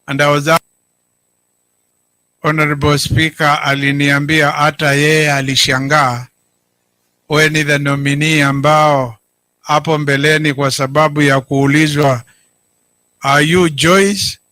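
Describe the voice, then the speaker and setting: A middle-aged Kenyan man, a county governor, giving a deliberate public speech and stressing his key words. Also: on the high side, level tone, bright, forceful tone, dry recording. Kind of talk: public speech, code-switching.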